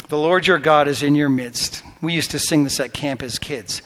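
A man preaching a sermon as pastor, impassioned, swinging between loud exclamations and hushed whispers. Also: on the high side, normal speed, hardly any pauses. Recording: long reverb of a large hall.

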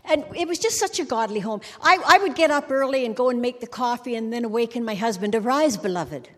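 A woman's voice: a little high, fast. A middle-aged woman giving a humorous sermon on a church stage, a wry storyteller who jokes and acts out little scenes. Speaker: church speaker. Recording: long hall reverb.

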